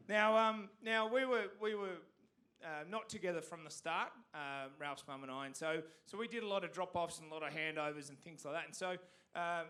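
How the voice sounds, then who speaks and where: A man's voice: fairly high pitch, bright, forceful tone. A man with an Australian accent from Canberra doing a stand-up comedy set on a theatre stage, self-deprecating and stumbling over restarts.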